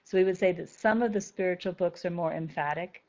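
A woman giving a spiritual talk to a group, gentle and thoughtful, repeating key phrases slowly to let them sink in. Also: lowish voice, muffled recording. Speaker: spiritual teacher.

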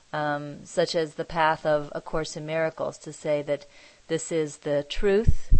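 A woman leading an online spiritual group, who talks in a measured, thoughtful way and pauses to search for her words. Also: low-pitched, no room sound, low-quality recording. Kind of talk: reflective spiritual teaching.

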